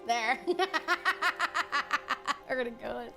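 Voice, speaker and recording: A woman's voice: on the high side, level tone, slow pace, vocal fry, a bit bright, soft background music. A woman streaming a game, chatting casually with her viewers in crude, teasing banter and laughing often. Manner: frequent laughter.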